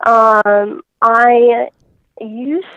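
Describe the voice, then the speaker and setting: A woman guest in a casual interview, talking in a halting way with many fillers and restarts over a phone line. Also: a little high, fairly even intonation, fairly bright tone, clear, resonant tone, no echo.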